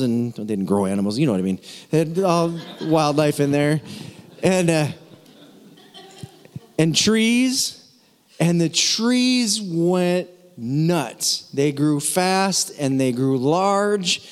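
A man's voice: on the high side, darkish tone. A man preaching a sermon in a casual, teasing way, repeating key words for emphasis. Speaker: pastor. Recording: long hall reverb.

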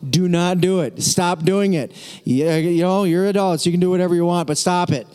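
A man's voice: high-pitched, normal speed, dark tone, clear, resonant tone. A man preaching a sermon as pastor, emphatic and repetitive, with casual asides to the congregation. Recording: long hall reverb.

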